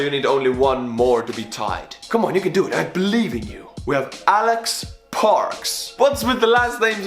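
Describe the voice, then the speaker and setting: A man in his twenties from Estonia, hosting a casual, playful reaction video with jokey shout-outs. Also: a little high. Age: 20s. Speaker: YouTube host reacting to a video. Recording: roomy echo with faint music.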